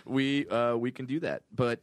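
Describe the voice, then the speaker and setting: A man with a mid-pitched voice chats casually as a guest. He rambles through his jokes and laughs often. The sound is dry and close to the mic. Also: fairly even intonation, normal speed, no echo. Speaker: podcast guest. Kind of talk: casual chat.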